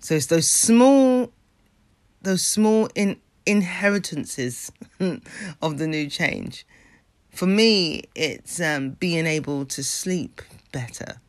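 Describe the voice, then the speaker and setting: A man's voice: on the high side, animated, slow pace, no room sound. A man giving a motivational talk about habits and mindset, earnest and emphatic, repeating phrases and checking in with the listener.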